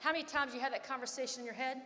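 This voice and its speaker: Woman in her fifties, motivational keynote, dramatic storytelling, high voice, long hall echo. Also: steady tone, very fast, bright, forceful tone. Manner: dramatic, acts out scenes and voices. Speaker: keynote speaker. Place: large conference hall.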